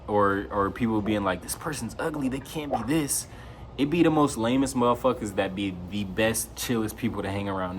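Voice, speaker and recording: A man's voice: fairly low pitch, slight background noise. A young man talking straight to camera in a loose, slangy monologue, raising his voice when he quotes his friends. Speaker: vlogger.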